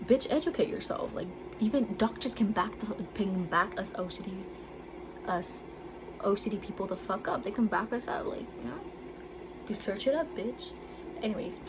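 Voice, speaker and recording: A young woman telling her own story in a casual vlog, candid and swearing freely, slipping into other people's voices when she quotes them. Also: medium pitch. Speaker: vlogger. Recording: noisy background.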